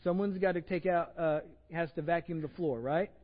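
A man's voice: fairly high pitch, steady tone, moderate pace. A man with a Texan accent preaching a conversational sermon as pastor, often repeating words as he restarts. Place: church sanctuary with long reverb. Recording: dull lo-fi sermon recording in a reverberant church.

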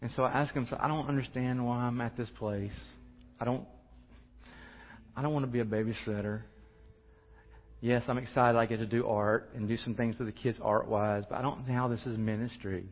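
A man's voice: mid-range voice, fairly even intonation, brisk. Man, middle voice, earnest conversational testimony, reverberant hall, dull lo-fi sound. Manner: earnest, conversational, laughs at himself. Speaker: church speaker sharing testimony. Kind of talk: personal testimony and prayer. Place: church hall. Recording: muffled audio with long hall reverb.

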